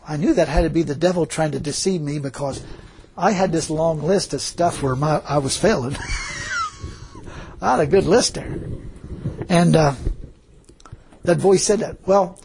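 A man's voice: on the high side, darkish tone, breathy edge. A man preaching a sermon and telling a personal testimony, rambling with many fillers and repeated words.

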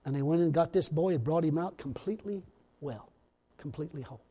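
A man's voice: on the high side, fast, warm tone, slightly rough. A man preaching a storytelling sermon in a folksy, rambling way, often laughing at his own stories. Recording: long reverb in a hall.

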